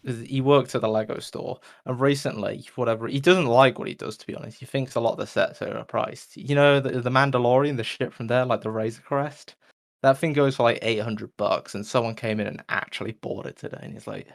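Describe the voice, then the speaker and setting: A man with a gravelly, creaky voice at an ordinary pitch tells a long shaggy-dog joke on a podcast. He rambles, keeps asking "right?", and makes whooshing noises for the story. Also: a little fast. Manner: tags lines with "right?", restarts often, makes whooshing sound effects.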